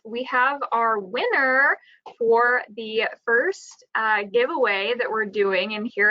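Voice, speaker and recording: A woman moderating a webinar, making chatty announcements in a slightly hoarse voice. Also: a little high, pushed and bright. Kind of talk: webinar hosting. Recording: dull lo-fi webinar audio.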